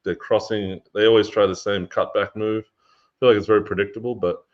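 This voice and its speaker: Man, very low voice, measured analysis, dull lo-fi sound. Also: fairly even intonation. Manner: measured, thinking aloud. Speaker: panel guest. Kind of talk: casual football chat. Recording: dull lo-fi audio.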